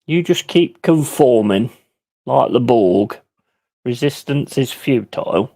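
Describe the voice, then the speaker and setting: Bloke, middle-aged, blunt swearing ranter, mid-pitched, close dry mic. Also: male voice, animated, takes it slowly, creaky, mellow, no room sound. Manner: blunt, ranting, swears freely; mimics other people in quoted voices. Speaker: livestream host. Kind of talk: casual live-stream chat.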